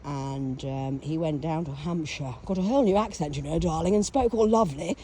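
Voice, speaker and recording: A woman's voice: low-pitched, brisk, warm tone, slight background noise. A woman from England telling her own life story in a casual monologue, theatrical and sardonic, swearing, acting out voices and mocking herself. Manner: theatrical, swears, acts out voices, breaks into song; sardonic, self-mocking asides.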